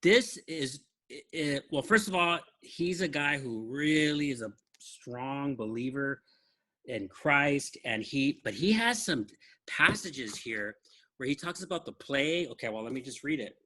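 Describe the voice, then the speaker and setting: A man hosting a podcast, chatting in a relaxed, thoughtful way about books he shows to a co-host. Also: mid-range voice, a little slow. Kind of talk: casual book chat.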